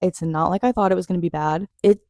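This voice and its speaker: A young woman recapping a TV episode in an excitable, gushing, chatty way. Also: fairly low pitch, fast talker, no room sound, studio quality. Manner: gushing, excitable, laughs often. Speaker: TV recap vlogger.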